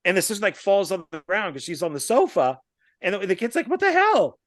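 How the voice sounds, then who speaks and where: A man co-hosting a podcast, retelling movie scenes in a casual, animated way, quoting the characters' lines as he goes. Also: high voice, fairly quick, dry recording, studio quality. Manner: animated storyteller who retells scenes with quoted lines and small laughs. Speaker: podcast co-host. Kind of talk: casual film chat.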